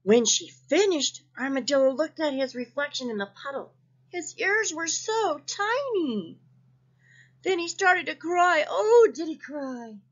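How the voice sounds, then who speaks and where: A woman reading a picture book aloud to children, expressive and asking her young listeners questions. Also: sits high. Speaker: children's story reader. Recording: dull lo-fi recording.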